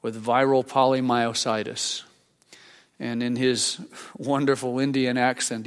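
A man's voice: mid-range voice, level tone, smooth. Older male pastor in a reverberant hall. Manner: conversational, halting with repeated restarts. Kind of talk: sermon.

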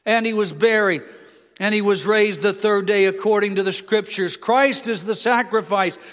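A male preacher delivers a sermon with a slightly high voice. He swings between fervent emphasis and quiet, low asides. His voice carries with the long reverb of a large hall. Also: normal speed. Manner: impassioned, rising to emphatic peaks then dropping low.

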